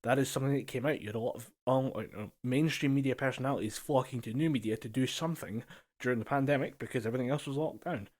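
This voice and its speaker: A man's voice: mid-range voice, quick pace, darkish tone. A man in a home setup chats easily with his podcast co-host in a mid-range voice. He leans on filler phrases and laughs readily. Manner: easygoing, laughs often, uses filler phrases. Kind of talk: casual chat. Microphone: home mic over a voice call.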